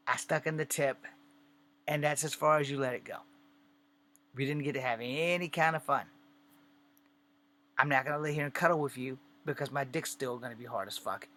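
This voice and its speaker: A man's voice: medium pitch, moderate pace, pauses often, bright, forceful tone. A man ranting and telling a story to camera in blunt, profane, conversational talk. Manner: conversational, acts out the scene. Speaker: vlogger. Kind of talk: casual rant and storytelling to camera.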